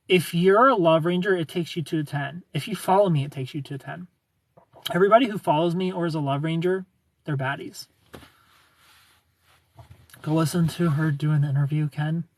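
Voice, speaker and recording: A young man speaks in a high voice, unhurried and pausing often, in a dry recording. Hosting a casual stream, he greets viewers, reads comments, and rants with frequent profanity and laughter.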